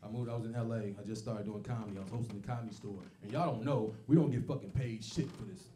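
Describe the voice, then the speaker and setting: A man doing a stand-up comedy set, telling stories loudly and profanely and acting out other people's voices, with a laughing audience. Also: lowish voice, fast talker, far from the mic. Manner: loud profane storytelling, acts out voices. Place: comedy club stage. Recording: echoey club, mic off from speaker, crowd noise.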